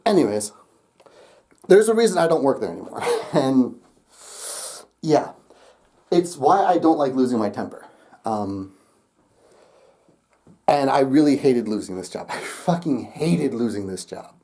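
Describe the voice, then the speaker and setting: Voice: medium pitch, big pitch swings, unhurried, pauses often, warm tone, slight background noise. Young vlogger rambling a storytime to the camera, laughs a lot, swears, voice jumps all over.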